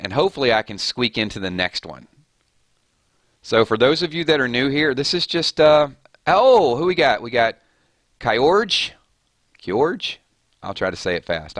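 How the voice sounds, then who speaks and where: A man hosting a casual gaming live stream, chatting loosely with viewers and giving shout-outs, his voice a little hoarse. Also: medium pitch, no room sound. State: slightly hoarse. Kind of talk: casual live-stream chat over gameplay.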